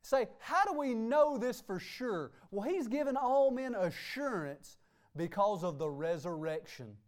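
High-voiced preaching man. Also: expressive, unhurried. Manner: emphatic, punctuates with "hey" and "okay". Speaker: pastor. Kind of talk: sermon. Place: church sanctuary.

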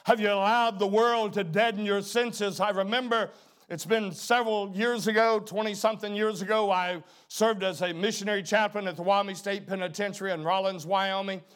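A middle-aged man preaching a sermon, dropping to hushed low emphasis and then rising to loud, emphatic preaching. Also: fairly even intonation, normal speed, smooth.

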